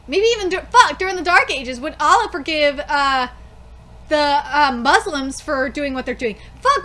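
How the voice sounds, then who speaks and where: A young woman reacting live to a manga, excitable and swearing freely, often breaking into shrieks. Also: high-pitched.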